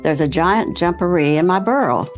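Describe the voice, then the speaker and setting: A woman's voice: on the low side, expressive, normal speed, faint music behind, close to an everyday voice. A woman voicing a frightened little rabbit crying for help. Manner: fearful crying.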